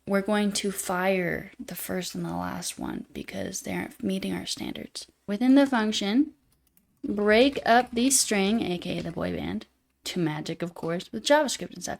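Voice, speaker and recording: A woman's voice: mid-range voice, fairly even intonation, measured pace, gravelly. A young woman live-streaming as she codes, thinking aloud, joking at her own expense and answering chat as she goes. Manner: thinks aloud while coding, jokey and self-deprecating; answers viewer chat in passing. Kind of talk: casual live coding stream.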